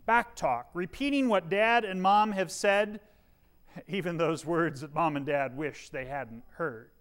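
A man's voice: on the high side, unhurried, fairly bright tone. A middle-aged male pastor preaching a sermon, earnest, with dry humorous asides and shifting volume.

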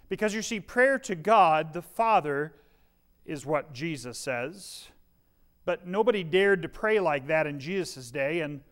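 A man's voice: a little high, a bit bright. A middle-aged male pastor preaching a sermon, earnest, with dry humorous asides and shifting volume.

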